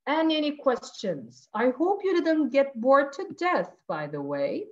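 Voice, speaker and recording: High-voiced animated woman presenting online. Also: measured pace, dull audio. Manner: animated and emotional, warmly addresses the audience. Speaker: teacher trainer presenting at an online education conference. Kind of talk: lively webinar presentation with Q&A.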